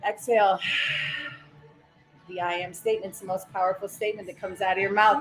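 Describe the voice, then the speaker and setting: Energetic woman coaching breaths, echoey room. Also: mid-range voice, brisk, long pauses. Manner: energetic, coaching with call-outs and repetition. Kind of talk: guided breathing and affirmations. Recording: echoey room with music under.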